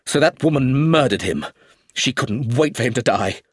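A man voicing an emotional, excitable middle-aged man in a read story, speaking in an agitated way. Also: fairly low pitch, moderate pace, slightly rough, no room sound, studio quality.

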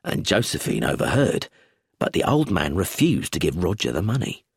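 A man reading a storybook, voicing a calm male police inspector who explains things in a measured, matter-of-fact way. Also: low voice, gravelly, breathy edge, dry recording, studio quality, heavily acted.

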